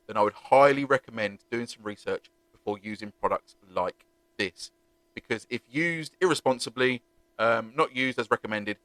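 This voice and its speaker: A car detailing vlogger with a medium-pitched, sharp-toned voice reviews car-cleaning products, chatting animatedly and cracking jokes. The audio has no echo.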